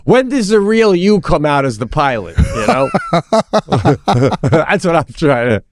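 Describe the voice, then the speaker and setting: A man's voice: on the high side, slow. A man co-hosting a comedy podcast, chatting casually and acting out quotes from other people. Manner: animated storyteller who acts out quotes in put-on voices. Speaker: podcast co-host.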